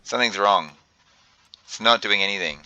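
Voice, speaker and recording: A man's voice: on the low side, moderate pace, sharp tone, clear, resonant tone, no room sound, highs cut off. A young man thinking aloud while he plays a game, often flustered, with many fillers and restarts. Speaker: gaming video host. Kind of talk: let's play commentary.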